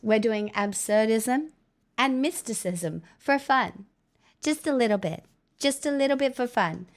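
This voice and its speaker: Aussie girl streaming, slow easy chat, clear smooth voice, still getting over being sick. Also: on the high side, lively intonation. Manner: chatty, thanking viewers, wry asides. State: recovering from illness, coughing. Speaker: livestreamer. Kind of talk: casual livestream chat.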